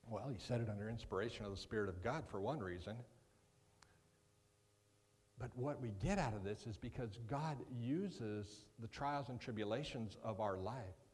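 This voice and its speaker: A man's voice: mid-range voice, dark tone. A male guest preacher delivers a sermon in a mid-range voice, chatty and joking with the congregation. He tends to stumble over the starts of sentences, doubling words before he finds his line. The sound carries a long church-hall reverb. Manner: conversational, joking asides, repeats words when starting sentences. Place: church sanctuary.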